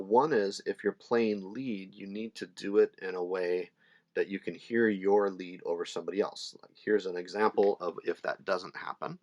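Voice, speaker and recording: A middle-aged man teaching ukulele in a relaxed, chatty way, with fillers and small laughs. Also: sits low. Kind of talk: casual instructional talk. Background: ukulele playing between phrases.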